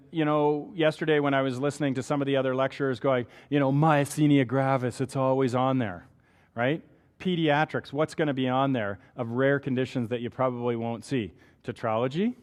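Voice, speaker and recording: A man with a Canadian accent giving a conversational medical lecture, often checking in with "right?". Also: mid-range voice. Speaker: physician lecturer. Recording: long hall reverb.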